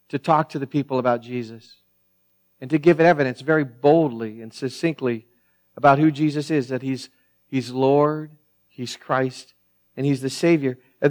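A man preaching a sermon as pastor, earnest, repeating and restarting phrases, swinging between emphatic peaks and quiet, low passages. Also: steady tone, normal speed.

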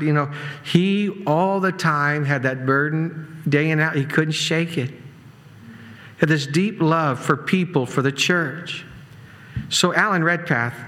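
A man preaching a sermon in a conversational way, with asides and quick laughs. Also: a little high, fairly bright tone. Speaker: pastor. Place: church sanctuary.

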